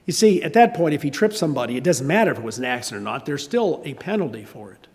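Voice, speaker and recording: Animated older male preacher. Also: fairly high pitch, quick pace, long reverb tail. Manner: animated storytelling, conversational asides. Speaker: pastor. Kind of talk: sermon.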